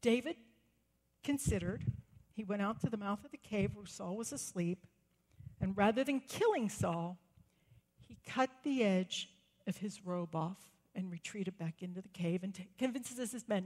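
A woman's voice: medium pitch, a little slow. Woman preaching in a reverberant church. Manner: storytelling, acting out quotes with rising excitement. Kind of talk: sermon. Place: church sanctuary. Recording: long reverb of a church hall.

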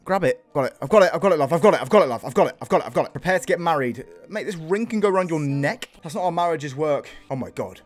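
A young British man riffs over a game in an excitable let's play voice, swearing freely and calling everyone bro. His pitch sits a little high and swings around constantly. Faint music plays underneath. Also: fast, hardly any pauses. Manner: excitable, swears, calls viewers boys and bro. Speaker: gaming youtuber.

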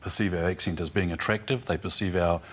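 A man's voice: low-pitched, steady tone, fast talker, a bit bright, slight background noise. A man with a New Zealand accent speaking on a TV panel, earnest and full of small restarts. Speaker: panelist, church dean. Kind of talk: TV panel discussion. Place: TV studio.

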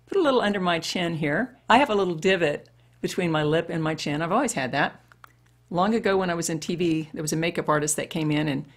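A woman's voice: on the low side, fast talker. A woman over fifty chatting her way through a makeup tutorial and talking straight to women viewers. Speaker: beauty vlogger. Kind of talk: casual makeup tutorial chat.

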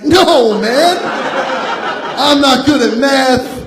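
His voice is very high and his pace unhurried as this young Long Island stand-up trades in vulgar, self-deprecating jokes on a club stage and laughs between them. The roomy venue carries background noise and loud audience laughter.

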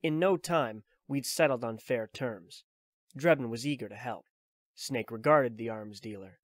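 A man's voice: medium pitch, unhurried, no echo. Man reading a novel aloud, dry sound. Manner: steady, plain storytelling. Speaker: audiobook reader.

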